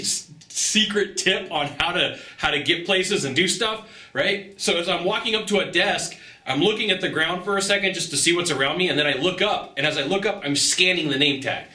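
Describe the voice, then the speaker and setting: Middle-aged man, upbeat advice vlogger, high lively voice, echoey room. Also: fairly quick. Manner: animated, chatty, laughs often, acts out dialogue. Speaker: travel and persuasion tips presenter. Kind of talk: casual advice talk to camera.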